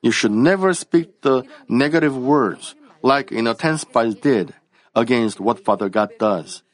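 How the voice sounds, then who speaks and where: A man preaching a sermon in an emphatic, animated way, with halting phrasing and restarts. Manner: emphatic, animated preaching with sudden rises in pitch.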